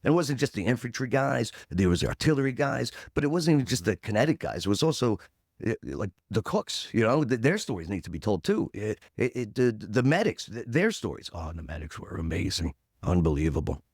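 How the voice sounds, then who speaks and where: A husky-voiced man in his forties talks a little fast as a podcast guest, animatedly acting out others' quotes in a punchy story sprinkled with "boom." It's a clean studio recording with no echo.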